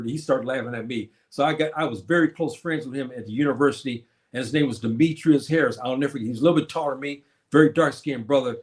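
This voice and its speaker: A man around seventy chatting casually to viewers on his livestream, rambling and reminiscing with many fillers and restarts. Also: mid-range voice. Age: 70s. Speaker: livestream host.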